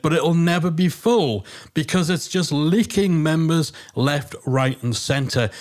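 A man with a Geordie accent hosting a business podcast, talking in a chatty, emphatic, self-deprecating way. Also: fairly high pitch. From Northeast England. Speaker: podcast host. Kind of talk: casual podcast monologue.

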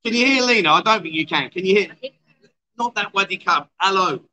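A man's voice: high voice, expressive, a little fast, bright, forceful tone, low-quality recording. A man hosting a casual livestream chat show at a bar, teasing and coaxing his guests. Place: outdoor bar.

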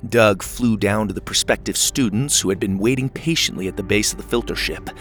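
A man narrating a children's space adventure story in a steady, descriptive read-aloud manner. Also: fairly low pitch, fairly quick, soft background music.

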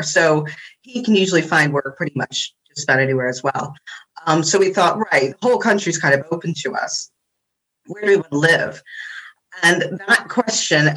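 A woman's voice: low voice, fairly bright tone, rough recording. An American woman in her forties, a podcast guest chatting casually and laughing often in a self-deprecating way. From United States. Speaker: guest, interior design blogger. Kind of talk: casual interview chat.

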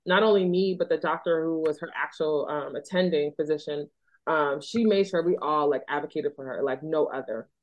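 A woman's voice: sits low, normal speed, dull audio. A woman from Philadelphia, a doctor hosting a podcast, talking in an earnest, chatty way full of "like" and "you know.". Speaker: podcast host and OB-GYN doctor. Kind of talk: casual podcast chat.

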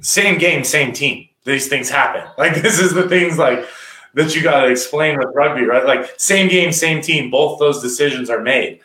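A man and former rugby captain, breaking down rugby play in casual podcast talk and acting out players' voices with energy. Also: a little high. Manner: animated, acts out players' talk in quick voices. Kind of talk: casual sports podcast analysis. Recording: roomy echo.

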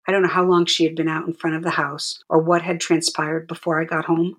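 A woman narrating her own memoir in a quiet, measured way. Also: on the low side, husky. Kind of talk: reading a memoir aloud.

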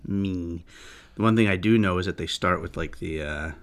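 Hesitant male co-host, deep and gravelly. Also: fast talker. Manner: hesitant, stammering restarts. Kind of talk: casual comedic banter.

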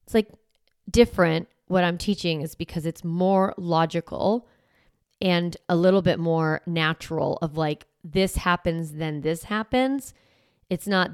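A woman parenting coach talks casually and directly to camera in a fairly low, unhurried, clear and resonant voice. She's conversational, imitates parents' voices and swears occasionally, recorded in clean studio sound with no echo.

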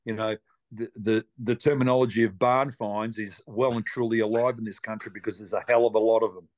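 An Australian race car driver, appearing as a guest on a casual interview, tells rambling, chatty stories with mild swearing and frequent restarts. His voice sits on the low side with fairly even intonation, brisk and a little mellow. There's no echo on the recording.

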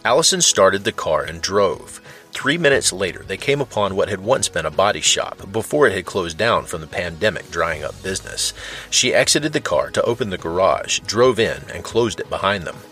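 A man narrating a story in a steady, even manner. His voice is very deep and low. Faint music plays beneath the reading. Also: normal speed. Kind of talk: scripted narration.

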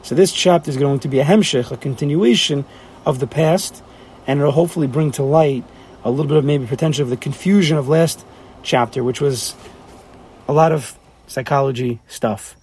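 A man leads a lively class and presses his point with one rhetorical question after another. His voice sits a little high for a man, with a faint hum of background noise around him. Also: moderate pace. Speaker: teacher leading a class.

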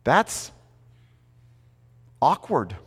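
A man preaching a sermon in a conversational, animated way, full of asides and rhetorical questions. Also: a little high, drawn-out words, big-room sound, slight background noise. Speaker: pastor.

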